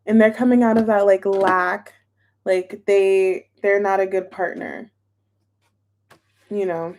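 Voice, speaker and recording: Bubbly slow-talking young woman streamer. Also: medium pitch, steady tone, a little mellow. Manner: chatty, bubbly, reads chat names aloud. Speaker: tarot reader and live streamer. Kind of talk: casual live-stream chat with viewers.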